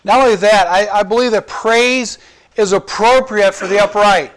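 High-voiced man preaching earnestly. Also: moderate pace, a bit bright. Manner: earnest, conversational preaching with restarts and audience questions. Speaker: pastor. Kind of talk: sermon.

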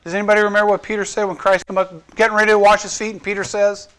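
A man's voice: high-pitched, little pitch movement, racing, fairly bright tone, clear, resonant tone. A man preaching a sermon in an earnest, conversational way, asking the congregation questions and quoting scripture. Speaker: pastor.

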